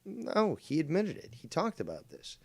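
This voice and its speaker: A man's voice: on the high side, huge pitch swings, moderate pace, vocal fry, a little mellow, no echo. A man giving casual, rambling commentary on a stream clip, sarcastic and swearing freely.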